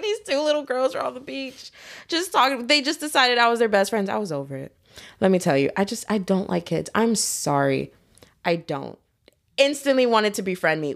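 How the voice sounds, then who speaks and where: A young woman in casual podcast chat, telling stories with lots of laughter and swearing. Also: medium pitch. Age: young adult. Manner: animated storytelling, swearing, laughing.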